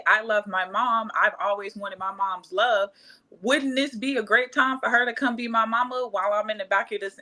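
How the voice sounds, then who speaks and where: A woman in her thirties, a podcast guest telling her life story casually and acting out the voices of the people in it. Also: mid-range voice. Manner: animated, acts out quoted voices.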